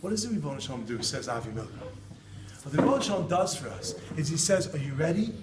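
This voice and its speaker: Brief: animated male rabbi, story-driven sermon, distant mic, roomy echo. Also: on the high side, racing. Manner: animated, acts out quoted voices, laughs often. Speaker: rabbi giving a talk. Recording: echoey room, distant mic, loud background noise.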